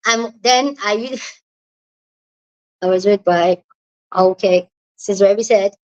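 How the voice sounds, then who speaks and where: A young woman from southern Nigeria hosts a livestream from home, chatting casually with viewers and greeting them by name. Her mid-range voice is slow, and her Nigerian accent carries a tinge of Delta pidgin. The audio sounds muffled.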